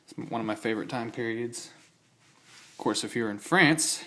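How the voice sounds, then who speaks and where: This knife collector, a young man with a medium-pitched, fairly bright voice, walks through his old-fashioned knives and keys at normal speed, pausing often. It's a relaxed show-and-tell full of rambling, self-corrections and excited side comments.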